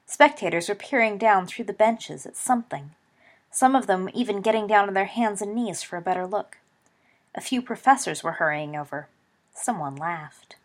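Expressive woman reading a story aloud. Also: medium pitch, normal speed. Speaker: narrator. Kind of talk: audiobook reading of fan fiction.

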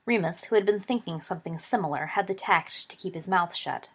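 A woman narrating a story aloud in a steady audiobook reading, giving the characters voices. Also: on the low side, a little fast, slightly rough.

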